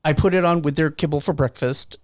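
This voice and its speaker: A man's voice: fairly high pitch, fairly even intonation, a little fast, dry recording, clean studio sound. A man co-hosting a podcast, telling a story in casual chat and acting out his cats' voices. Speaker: podcast co-host.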